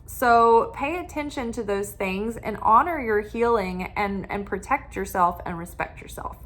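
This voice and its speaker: Bright, animated woman giving tarot advice. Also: on the high side. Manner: animated, acts out quoted voices. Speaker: tarot reader. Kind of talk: spiritual advice monologue.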